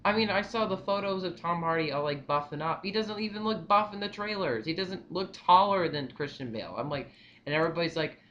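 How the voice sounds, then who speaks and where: A young man talks through his opinions in a loose, excitable ramble, circling back on his points. The recording sounds dull and lo-fi, with a faint hum of room noise underneath. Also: high-pitched, a little fast. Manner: rambling, repeats "I mean", excitable. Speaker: vlogger. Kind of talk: casual opinion vlog.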